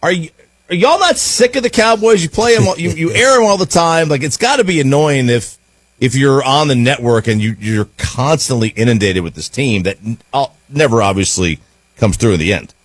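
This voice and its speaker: A man's voice: mid-range voice, animated, fairly quick, no room sound. A man hosting a sports radio show, asking his guest teasing, jokey questions. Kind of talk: casual radio interview.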